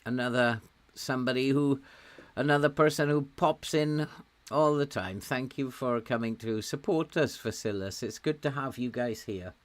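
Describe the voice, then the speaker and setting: A middle-aged man with a faint Welsh lilt talks unhurriedly, in an easy, chatty way. He laughs a lot between his words, and his voice sits at an ordinary pitch. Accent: softened Welsh, with some American words. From Wales. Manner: slow, chatty, laughs often while talking. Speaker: game streamer. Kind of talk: casual live-stream commentary.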